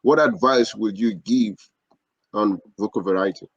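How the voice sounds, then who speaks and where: A man from Nigeria with a Nigerian accent, hosting a casual podcast interview and affirming his guest warmly. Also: lowish voice, unhurried, slightly rough, dry recording, dull audio. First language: not English. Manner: friendly, affirming with short backchannels. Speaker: podcast host.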